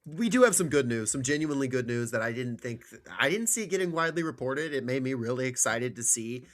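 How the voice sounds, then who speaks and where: A man's voice: medium pitch, lively intonation, quick pace, dry recording, studio quality. A man from Georgia hosting a podcast, talking politics and news in casual chat with an earnest, wry tone. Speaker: podcast host.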